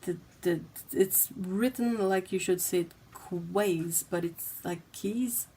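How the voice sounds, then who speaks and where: A woman's voice: lowish voice, unhurried, warm tone, breathy edge. A woman hosting a casual livestream, chatting and reading viewer comments aloud. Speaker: livestream host.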